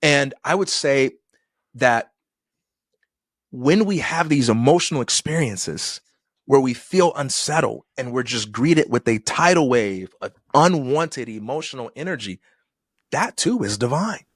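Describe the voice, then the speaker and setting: A middle-aged man talking as a podcast guest, unhurried and reflective, at an ordinary mid pitch. His voice is recorded close and dry, with almost no room sound around it. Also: lively intonation, husky, dry recording. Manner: thoughtful, acts out quoted people in dialogue. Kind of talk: reflective conversational storytelling.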